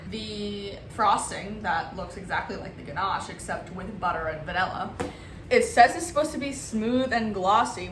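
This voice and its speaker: A young woman vlogs herself baking in her home kitchen, talking casually in a mid-range voice, nervous, excitable and joking at her own expense. The recording is rough and roomy, with slight background noise.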